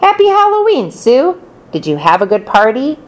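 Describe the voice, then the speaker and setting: A woman's voice: sits low, expressive, a little slow, gravelly, heavily acted. A woman voicing a cheerful, friendly male teacher in an audiobook. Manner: cheerful, upbeat. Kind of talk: audiobook character reading.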